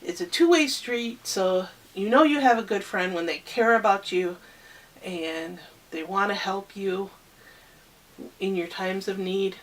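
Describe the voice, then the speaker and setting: A woman improvising a children's story, rambling and halting with many fillers and restarts. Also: medium pitch, recorded from a distance.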